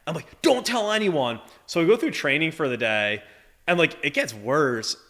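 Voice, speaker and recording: Lively, bright-voiced young man telling stories. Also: a little high, normal speed. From Massachusetts. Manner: animated, heavy "like" fillers, acts out voices in his stories. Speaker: podcast guest. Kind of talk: casual storytelling.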